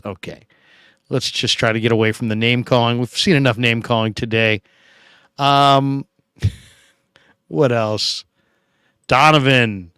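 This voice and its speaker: A man's voice: mid-range voice, a bit bright, smooth, dry recording, studio quality. A middle-aged man hosting a casual live stream, chatting in a laid-back way as he answers viewer comments. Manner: chatty, laid-back, reads comments aloud with quick asides. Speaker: podcast host reading viewer comments.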